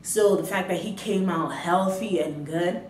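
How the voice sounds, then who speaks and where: A young adult woman vlogging a personal story in a casual, animated way, often calling her viewers "y'all" and acting out how she panicked. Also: on the low side, unhurried, a little hiss or hum. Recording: echoey room, mic at a distance.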